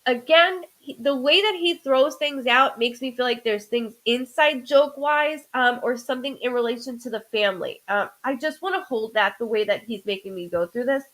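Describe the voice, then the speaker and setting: A woman hosting a live-streamed psychic reading, her voice sitting a touch high. She talks in stops and starts, pausing to gather herself before pressing on. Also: a bit bright, rough recording. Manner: halting, stops to say "hold on" and restarts a lot. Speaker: psychic medium host.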